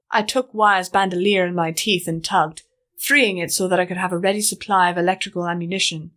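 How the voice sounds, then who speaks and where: A woman reading a first-person story aloud as an audiobook narrator, with steady storytelling. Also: lowish voice, fairly quick.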